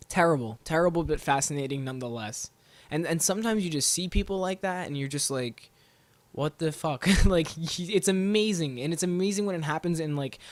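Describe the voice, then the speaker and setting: Profane young man ranting, slightly high voice. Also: no echo. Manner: profane, rambling, heavy use of "like". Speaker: podcast host. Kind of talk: casual solo rant.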